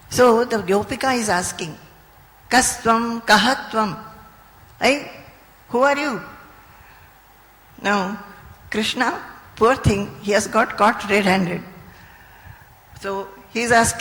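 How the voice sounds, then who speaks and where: A woman's voice: medium pitch, a bit bright. A woman, a spiritual teacher telling a scripture story and chanting verses, recorded in a reverberant hall. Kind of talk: devotional scripture discourse.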